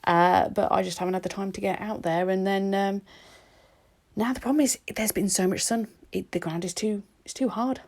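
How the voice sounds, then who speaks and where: A woman's voice: mid-range voice, fairly even intonation, moderate pace, darkish tone. A woman narrating her nail art in a chatty, rambling voice-over recorded at home. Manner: chatty and rambling, with laughs and ums.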